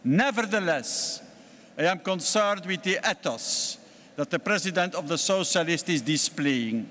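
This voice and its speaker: An older Belgian-accented man delivers a formal speech as a party president, his voice pitched a little high for a man. He speaks in a measured, deliberate way, leaning hard on key words. His voice rings out with the long reverb of a large congress hall. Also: lively intonation, fairly bright tone. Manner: measured, deliberate oratory with emphatic stresses.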